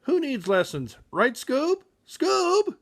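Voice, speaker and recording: A man doing a jittery, high-voiced cartoon slacker. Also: very animated, normal speed, a bit bright, full character voice. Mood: goofy. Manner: stammering, says "like" a lot. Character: Shaggy, lanky cowardly young man, always hungry.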